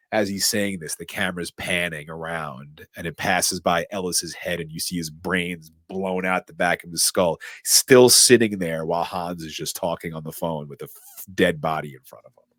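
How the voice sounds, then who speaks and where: A man hosting a podcast, retelling a movie in animated, casual storytelling. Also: sits low, dry recording. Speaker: podcast host. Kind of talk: casual movie recap chat.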